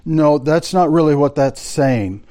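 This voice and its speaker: A man with a mellow, darker tone leads a Bible study class. He explains the text patiently, reads passages aloud, and turns to his listeners with questions. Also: a little high, expressive, measured pace. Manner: explanatory, quoting sources aloud, addressing the class directly. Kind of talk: Bible study lecture with read quotations.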